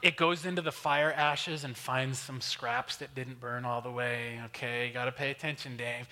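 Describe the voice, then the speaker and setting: A man giving an animated storytelling workshop talk, often checking in with the audience. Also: medium pitch, moderate pace. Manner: animated, keeps asking "right?". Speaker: workshop presenter. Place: church hall. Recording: long hall reverb.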